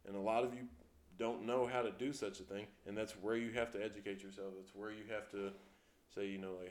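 A man's voice: on the low side, steady tone, brisk. A man co-hosting a casual podcast, telling his police stories in a laid-back, profane way and laughing along the way. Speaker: podcast co-host, police officer. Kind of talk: casual storytelling chat. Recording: echoey room.

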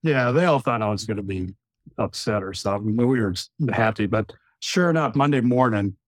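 A man, a retired general, telling a long anecdote with frequent chuckles in a relaxed podcast chat. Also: lowish voice, brisk, no room sound. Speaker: retired general, former wing commander.

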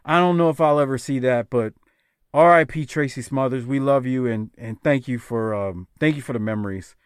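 A man's voice: medium pitch, moderate pace, clean tone, no room sound, studio quality. A man hosting a podcast, talking casually in a rambling, heartfelt way with many restarts. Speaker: podcast host.

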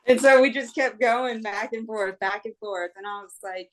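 A woman's voice: on the high side, steady tone, takes it slowly, long pauses. A woman from the United States telling a race story in a casual, chatty way. She laughs often, leans on "like" and "right?", and acts out her own inner voice. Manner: frequent fillers like "like" and "right?". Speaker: guest, ultra-runner.

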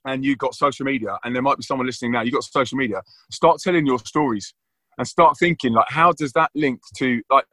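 A man's voice: mid-range voice, fast talker, sharp tone, dry recording. A man, a guest speaker on a video call, telling stories with earnest, preaching enthusiasm. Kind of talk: animated storytelling on a video call.

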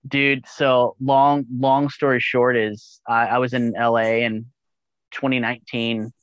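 A man's voice: mid-range voice, level tone, a little slow, clean tone, no room sound, dull audio. A man chatting casually as a podcast guest, rambling with enthusiasm and swearing freely. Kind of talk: casual chat.

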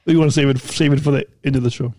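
A man co-hosting a podcast, playful and teasing, talking fast with lots of restarts. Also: medium pitch, no room sound. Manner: energetic, talkative. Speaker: podcast co-host. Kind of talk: casual chat and ad reads.

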